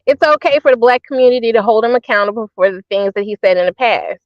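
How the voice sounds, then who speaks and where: A woman's voice: fairly high pitch, steady tone, fast talker, no room sound, highs cut off. A woman guest on a live stream, making a polite but pointed argument. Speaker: call-in guest. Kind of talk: casual chat.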